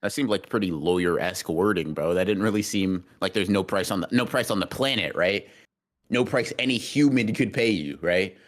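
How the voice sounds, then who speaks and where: Teasing young man, low voice. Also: normal speed. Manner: teasing, jumps to shouted high bursts. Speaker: podcast co-host. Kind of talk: casual livestream podcast chat.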